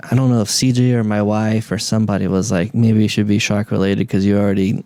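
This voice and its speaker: Young man from Oklahoma, podcast guest, mellow tone, dry close mic, casual swearing storyteller. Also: lowish voice, flat delivery, quick pace, smooth, no room sound. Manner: loose storytelling, swears freely, acts out quotes. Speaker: podcast guest, media company owner.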